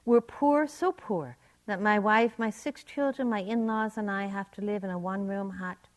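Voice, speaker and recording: A woman's voice: medium pitch, normal speed, close to an everyday voice. A woman voicing a desperate poor man who pleads and laments as she tells a folk tale in a talk. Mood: pleading.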